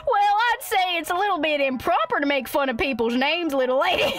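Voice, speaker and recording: Young woman, streamer, high voice, folksy put-on cowboy drawl, reads game text aloud. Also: very animated, fairly quick, few pauses, a bit bright. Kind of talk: playful let's-play commentary. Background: faint game music.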